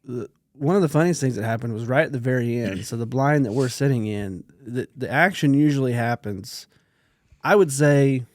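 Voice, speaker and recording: A man's voice: mid-range voice, moderate pace, no echo. A man co-hosting a podcast, telling stories in casual chat and acting out the quotes, sometimes dropping to a whisper. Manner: animated storyteller, acts out quotes, drops to a whisper. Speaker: podcast co-host.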